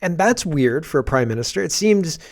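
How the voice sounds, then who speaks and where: A man's voice: on the high side, animated, normal speed. Sarcastic man ranting as show host. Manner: sarcastic, bursts into loud exasperated outbursts. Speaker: political commentary host. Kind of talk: casual commentary rant.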